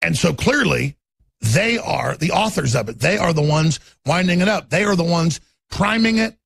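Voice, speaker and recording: A man's voice: a little high, animated, normal speed, gravelly, a bit bright, breathy edge, dry recording. A man hosting a talk radio show, ranting in a fiery monologue. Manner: ranting, mocks opponents in put-on voices.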